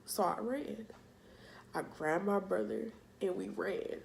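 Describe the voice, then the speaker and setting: A young woman telling a personal story for her vlog, halting and emotional, with casual slang. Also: mid-range voice, steady tone, gravelly, slight background noise. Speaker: vlogger.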